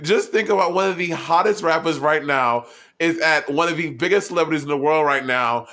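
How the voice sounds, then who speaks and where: Excitable New York man, bright tense voice. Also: a little high, fairly quick. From New York City. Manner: excitable, cusses freely, bursts of emphatic talk. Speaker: podcast co-host. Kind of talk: casual chat.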